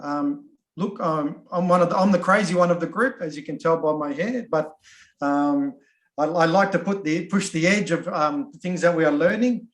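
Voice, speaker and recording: A man's voice: on the high side, moderate pace, roomy sound, low-quality recording. A middle-aged man with an Australian accent introducing himself in an easygoing, chatty way on an online course, full of ums and restarts. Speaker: course facilitator. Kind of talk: casual self-introduction in an online session.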